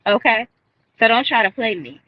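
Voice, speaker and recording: A woman's voice: a little high, expressive, normal speed, highs cut off. A woman recapping a TV episode live for viewers, blunt and opinionated, speaking into a headset mic. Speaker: TV show reviewer. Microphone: earbud headset.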